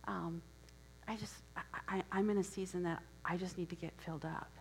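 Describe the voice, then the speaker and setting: A woman's voice: fairly low pitch, steady tone, a little fast, creaky, rough recording. Woman preacher, casual storytelling sermon, hum in background. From Wisconsin. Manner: conversational storytelling with asides.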